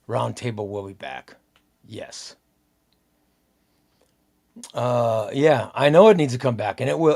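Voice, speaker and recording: A man's voice: medium pitch, vocal fry, darkish tone. A man hosting a casual live stream, chatting loosely, repeating himself and reading out viewer comments. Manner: rambling, repeats himself, reads out chat comments.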